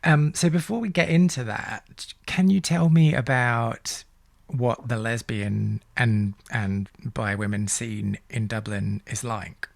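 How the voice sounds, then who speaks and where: A man's voice: mid-range voice, steady tone, slow, gravelly, no room sound. A man hosting a casual interview, who laughs often and asks questions in a friendly, giggly way. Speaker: podcast host, interviewer.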